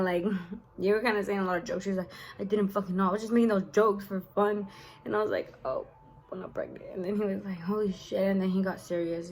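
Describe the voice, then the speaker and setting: In a low-quality recording, a young woman speaks at medium pitch with a slightly mellow quality. Her casual vlog recounts a personal story, and she sounds tired, using lots of fillers and swearing.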